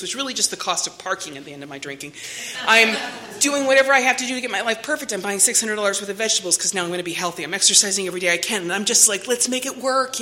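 A woman's voice: lowish voice, sharp tone. A middle-aged woman telling her recovery story at a meeting, candid and chatty with self-mocking humor. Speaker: AA meeting speaker.

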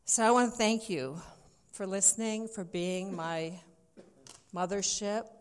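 A woman's voice: medium pitch, unhurried, clean tone. A woman from Wisconsin sharing her personal story with a group, candid and laughing at herself. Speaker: speaker sharing at a recovery meeting.

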